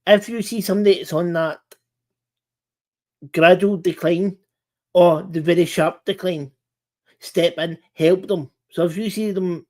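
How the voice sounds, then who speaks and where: This man's high, steady, somewhat mellow voice carries a casual livestream he hosts. He's earnest but halting, breaking off into restarts and doubled words.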